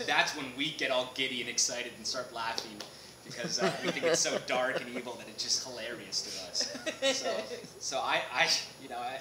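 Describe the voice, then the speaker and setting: A man being interviewed as an actor on a film set, animated, laughing often and restarting sentences. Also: mid-range voice, normal speed, a loud crowd. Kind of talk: casual interview chat. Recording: echoey noisy room.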